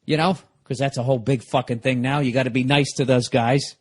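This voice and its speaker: A man's voice: mid-range voice, steady tone, fairly quick. A middle-aged man, a comedian hosting his own podcast, telling a story in a casual, rambling monologue full of profanity.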